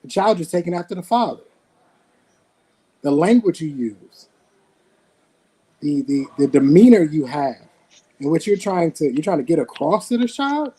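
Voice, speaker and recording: A man in his forties with a high, husky voice, making his points bluntly and emphatically on a podcast panel. His tone is mellow and dark underneath the force of his opinions. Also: very animated, normal speed, pauses often, rough recording. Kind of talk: casual podcast debate.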